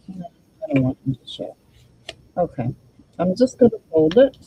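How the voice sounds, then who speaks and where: A woman's voice: fairly low pitch, sing-song, normal speed, long pauses, dark tone, a little hiss or hum, poor audio. A woman hosting a casual crafting demo, thinking aloud and chatting to her viewers while she works. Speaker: crafting channel host.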